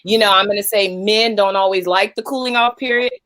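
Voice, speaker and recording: A woman hosting a podcast, giving measured, reflective advice in casual chat. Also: mid-range voice, steady tone, a bit bright, no echo. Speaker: podcast host.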